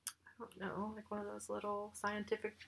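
A woman's voice: medium pitch, level tone, normal speed, creaky, a bit bright. A young woman as a podcast guest, dry and hesitant, trailing off as she answers. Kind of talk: casual chat.

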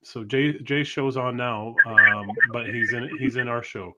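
A man's voice: medium pitch, a little slow, heavy background noise. A man hosting a live talk show, joking and rambling in casual chat. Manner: joking, rambling, laughs often. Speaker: host.

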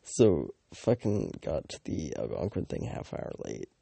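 This Canadian teen vlogger has a low, gravelly voice that sounds dark and dry, with no echo, and his pitch swoops wildly. He rambles through a storytime at an unhurried drawl, swearing a lot, stumbling over fillers and restarts, and mocking everyone he meets.

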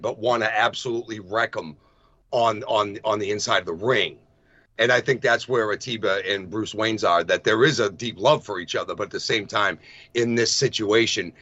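A man's voice: on the low side, dry recording. A man on a podcast panel, chatting casually through a wrestling preview and trading defensive banter with the others. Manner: animated, laughing, defensive banter. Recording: dry, dull lo-fi sound.

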